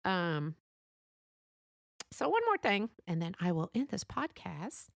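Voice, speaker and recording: A woman's voice: fairly low pitch, sing-song, takes it slowly, creaky, dry recording, clean studio sound. A woman hosting a casual solo podcast, chatty and laughing often, with frequent restarts. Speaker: podcast host.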